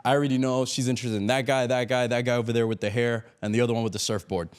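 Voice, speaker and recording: Speaking rapid-fire in a smooth, medium-pitched voice, a Miami man appears as a guest on an interview podcast. He tells an animated story full of laughter and acted-out quotes.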